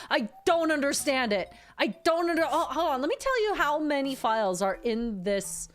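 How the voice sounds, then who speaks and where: A woman's voice: high-pitched, animated, moderate pace, hardly any pauses. A woman streaming casually as a VTuber, playful and teasing, flaring into mock outrage at her chat. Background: background music.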